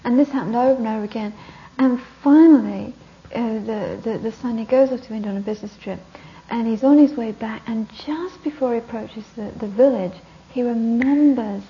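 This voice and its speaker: A woman Buddhist teacher giving a talk, telling a story with lively narration that often drops to a whisper. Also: a little high, fairly quick, hardly any pauses. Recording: dull lo-fi recording with faint hiss.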